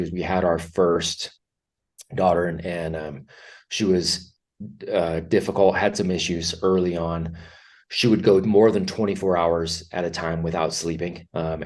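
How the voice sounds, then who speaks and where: A man's voice: low voice, flat delivery, moderate pace, darkish tone. A middle-aged man as a podcast guest, telling personal stories in an earnest, reflective way, with frequent fillers and restarts. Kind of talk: candid conversational storytelling.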